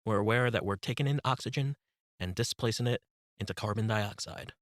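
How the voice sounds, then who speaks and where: A man narrating a self-help audiobook as a meditation guide, giving calm, instructive breathing cues close to the mic. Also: fairly low pitch, brisk, dry recording.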